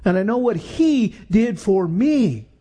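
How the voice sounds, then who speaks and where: A man in his sixties preaching a sermon, telling personal stories that swing from loud and high to low and hushed. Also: very animated, takes it slowly, slightly rough.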